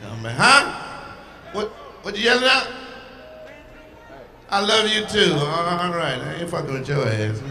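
A woman's voice: on the low side, big pitch swings, a little slow, long pauses, pushed and bright. A woman stand-up comedian doing crowd work on a live stage, brash and profane as she teases the audience. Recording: echoey venue with audience noise.

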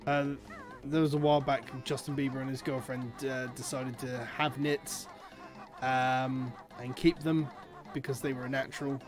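A man's voice: mid-range voice, flat delivery, normal speed. Dry, teasing man gaming. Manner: dry, teasing, stubborn in arguments. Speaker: co-host of a let's play. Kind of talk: casual gaming commentary. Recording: game music clearly behind.

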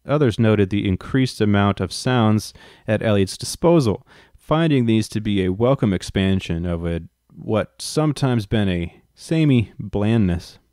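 A man's voice: on the low side, expressive, a little slow, hardly any pauses, darkish tone, dry recording, clean studio sound. A man reading a book aloud and breaking off into wry, profane asides. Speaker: reader and commentator.

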